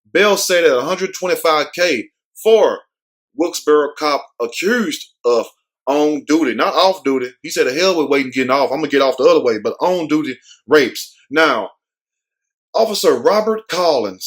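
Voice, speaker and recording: A man hosting a casual commentary vlog, talking in slang and acting out quoted people in put-on voices. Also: medium pitch. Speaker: host.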